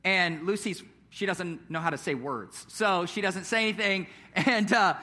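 A man's voice: high-pitched, unhurried, sharp tone. A young adult male pastor praying and preaching at a church service, telling stories casually with frequent fillers and chuckles. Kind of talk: sermon with prayer and personal story.

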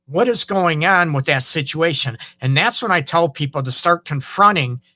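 A man's voice: fairly high pitch, normal speed, bright, forceful tone, no echo. A man hosting a relationship advice show as a counselor, talking casually and often checking in with "okay?" and "you know".

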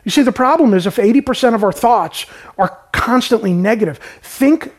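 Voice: mid-range voice, lively intonation, moderate pace. A pastor preaching a sermon with urgency, repeating key lines and calling on the listeners to respond.

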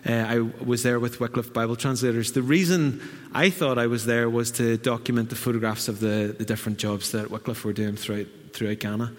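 A man from Northern Ireland with a Northern Irish accent preaching a sermon in a church, lively and humorous, with asides to the congregation. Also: medium pitch, fairly quick. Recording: long church hall reverb.

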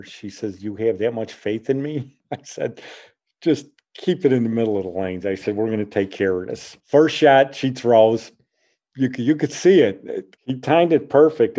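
Chatty radio host in his sixties. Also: medium pitch. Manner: chatty, lively when amused. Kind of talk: casual storytelling.

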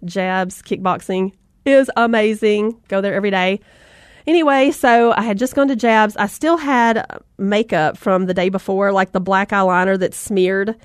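A woman's voice: medium pitch, fairly even intonation, normal speed, no room sound, clean studio sound. A middle-aged woman giving an upbeat, folksy motivational talk to mothers, calling them "mama" and "y'all".

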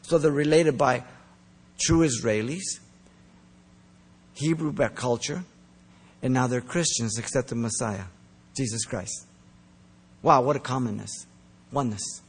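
A man delivers an earnest, emphatic sermon, his voice gravelly and a little husky. He swings from pressing emphasis to a soft, pleading tone. A long hall reverb trails behind each phrase. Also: medium pitch, measured pace, long pauses. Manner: earnest, emphatic, rising to strong emphasis then dropping soft. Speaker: preacher.

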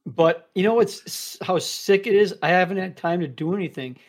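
A man co-hosting a casual podcast, telling a story with many ums and pauses. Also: high-pitched. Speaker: podcast co-host. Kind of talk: casual chat.

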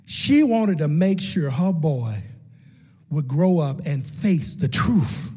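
A man preaching a sermon as pastor, dropping to low murmurs and rising to shouted, half-sung peaks. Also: big pitch swings, takes it slowly, breathy edge, long reverb tail.

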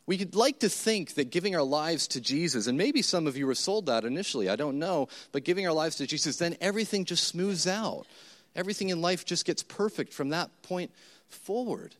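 A man's voice: a little high, animated, a little fast, fairly bright tone. A male pastor in his thirties preaching a sermon to his church, talking in a conversational way, repeating words and acting out his own thoughts. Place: church service before a congregation.

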